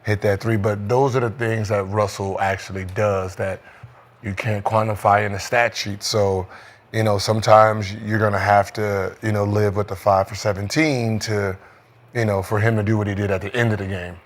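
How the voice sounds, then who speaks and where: A man with a fairly low voice talks through a basketball game in loose, rambling podcast chat. He leans on "you know" constantly and drifts between thoughts. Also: flat delivery, moderate pace. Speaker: podcast co-host, former basketball player. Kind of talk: casual sports chat.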